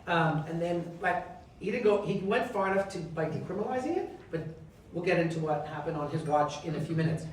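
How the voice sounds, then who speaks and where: A Canadian man speaks as a guest, telling lively stories and acting out the voices of the people in them. He is picked up by a distant mic in a very echoey room, and a faint noise runs underneath. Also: on the high side, a little fast. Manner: animated, acts out quoted dialogue. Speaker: guest speaker, member of parliament. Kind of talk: storytelling talk.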